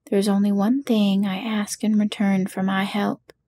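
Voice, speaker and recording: A woman's voice: mid-range voice, level tone, moderate pace, warm tone, close to an everyday voice. A woman voicing a humbled little man posing as a wizard, in whispered role-play with a meek, apologetic manner.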